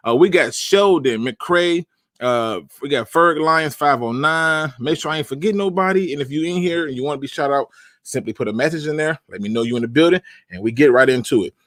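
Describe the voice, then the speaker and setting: A man hosting a live sports talk stream, chatting casually with slang and repeated starts, giving shout-outs and opinions. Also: fairly high pitch, no room sound, clean studio sound. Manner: conversational, repeats himself, uses slang. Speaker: podcast host.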